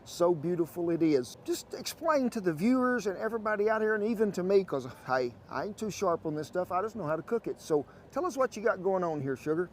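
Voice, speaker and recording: A man's voice: sits high, lively intonation, brisk, hardly any pauses, slight background noise. A man hosting a cooking show in a folksy, drawling way. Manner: folksy, drawling, calls people sugar.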